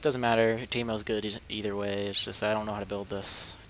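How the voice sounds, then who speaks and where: A man's voice: lowish voice, level tone, brisk, fairly bright tone, slight background noise. A young man chatting casually and teasing his friend while playing a match, with jokey mock whining. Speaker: gamer recording a match. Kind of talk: casual gameplay chat.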